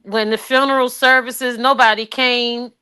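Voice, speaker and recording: Woman, tearful, halting, emotional, crisp voice, slightly high. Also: fairly even intonation, pushed and bright. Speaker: guest sharing her grief. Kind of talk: personal testimony on a call.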